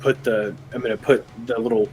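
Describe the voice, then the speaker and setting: A man's voice: mid-range voice, flat delivery, brisk, darkish tone, faint music behind, low-quality recording. A man playing a tabletop game, thinking aloud and restarting as he describes his actions. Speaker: player.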